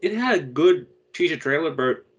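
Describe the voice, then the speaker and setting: A man's voice: fairly high pitch, expressive, moderate pace, highs cut off. A man co-hosting a casual gaming podcast, musing thoughtfully and hesitantly with many "uh" fillers. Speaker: podcast co-host.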